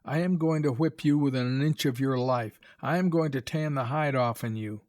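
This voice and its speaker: A man's voice: medium pitch, normal speed, no room sound, clean studio sound, natural voice. A man reading aloud, voicing an angry young boy who threatens a bully. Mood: furious. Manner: loud, fierce. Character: furious young boy, quick to fight.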